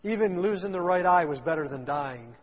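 A man's voice: high-pitched, expressive, fairly quick, breathy edge. A man teaching a Bible passage verse by verse, reading the old text and then retelling it in everyday words with voiced lines for the people in it. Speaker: preacher teaching scripture. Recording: dull lo-fi sound with long hall reverb.

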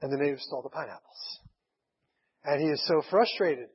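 A man's voice: fairly high pitch, fairly quick, husky. A man preaching a sermon, telling a story with chuckles and acting out the people he quotes. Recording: echoey hall, dull lo-fi sound.

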